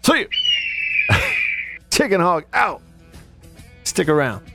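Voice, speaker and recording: A man's voice: on the high side, expressive, normal speed, over music. A male radio host in casual talk, reading out listener texts, chatting and laughing often.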